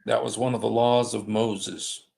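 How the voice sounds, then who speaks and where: A man hosting a livestream, reading passages aloud in a halting way, with many fillers and apologies. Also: lowish voice, little pitch movement, creaky, a little mellow. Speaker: livestream host. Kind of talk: casual livestream commentary reading texts aloud. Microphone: desktop streaming mic.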